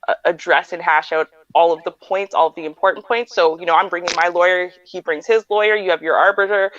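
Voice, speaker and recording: Low-voiced woman, muffled dry sound. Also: fairly even intonation, fairly bright tone, a little hiss or hum. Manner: measured, explanatory. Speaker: host. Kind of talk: casual livestream advice chat.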